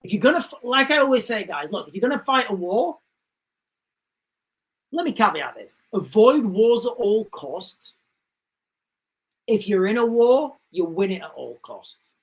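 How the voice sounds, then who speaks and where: A man's voice: sits high, sing-song, unhurried, long pauses, poor audio. A man hosting a livestream, talking in an emphatic, repetitive way and acting out stories with sound effects. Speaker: livestream host. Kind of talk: casual commentary livestream.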